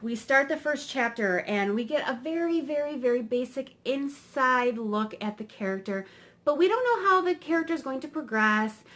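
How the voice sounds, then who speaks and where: A woman's voice: high voice, lively intonation, moderate pace, a bit bright. A woman tarot reader explaining cards in a chatty, rambling way, often adding "right?". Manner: chatty, rambling, tag questions. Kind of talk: casual explanatory lesson.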